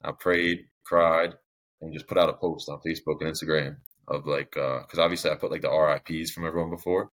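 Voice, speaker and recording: A man's voice: very deep voice, little pitch movement, brisk, a bit bright. A young man speaking as a podcast guest, telling his story in a casual, rambling way with many fillers and restarts. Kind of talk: candid personal storytelling.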